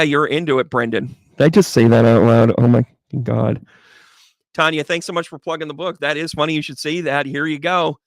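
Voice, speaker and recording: A man's voice: mid-range voice, gravelly, fairly bright tone, no echo, clean studio sound. A man giving a chatty, upbeat live tarot reading, talking straight to viewers by name. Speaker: tarot reader.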